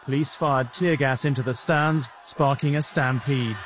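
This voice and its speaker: A man reporting in an archive news broadcast, with crisp, formal delivery. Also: mid-range voice, fairly even intonation, unhurried, noisy background.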